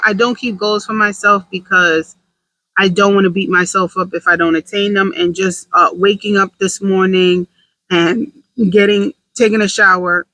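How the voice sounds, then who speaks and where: A woman's voice: mid-range voice, sharp tone, dry recording, poor audio. Woman, vlogger, confessional chat, self-deprecating, rambling, dry close sound. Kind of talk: casual confessional vlog.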